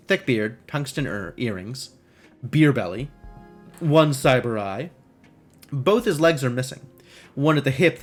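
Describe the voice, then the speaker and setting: A man streaming a game, reading its text aloud and adding wry, musing asides. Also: mid-range voice.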